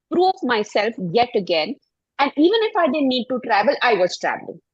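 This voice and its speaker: A middle-aged Indian woman on a discussion panel, telling a personal story with halting starts and emphatic points. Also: on the high side, slightly rough, no echo, lo-fi sound. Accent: Indian English. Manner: halting, frequent restarts, emphatic. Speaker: panel speaker.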